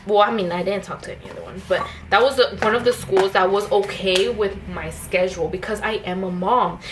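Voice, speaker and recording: Chatty young mom rambling at home. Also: female voice, mid-range voice, a little fast, background noise. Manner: chatty, rambling, with many fillers and restarts. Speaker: vlogger, stay-at-home mom. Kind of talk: casual get-ready-with-me chat. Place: at home, indoors.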